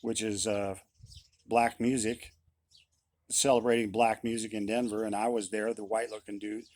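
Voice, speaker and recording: A man's voice: on the low side, little pitch movement, normal speed, a little mellow. A middle-aged man, a musician, giving a blunt, insistent opinion monologue and repeating his points.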